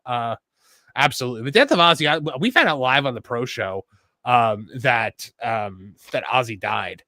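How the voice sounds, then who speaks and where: A man hosting a casual podcast chat, talking in an animated, self-deprecating way. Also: mid-range voice, normal speed, no room sound, studio quality. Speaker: host.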